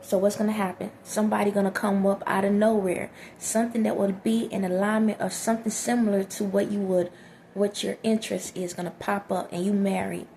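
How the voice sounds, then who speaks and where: A woman vlogger with a soft voice giving direct, preachy life advice to her viewers, often checking in with the listener. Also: medium pitch, level tone, a little fast, creaky, a little hiss or hum. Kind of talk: direct-to-camera motivational talk.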